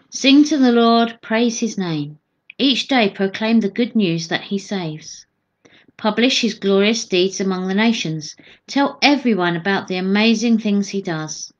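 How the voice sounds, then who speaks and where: A woman's voice: medium pitch, expressive, unhurried, dull audio. A woman co-leading midday church prayers, chatting with dry humour and reading scripture aloud.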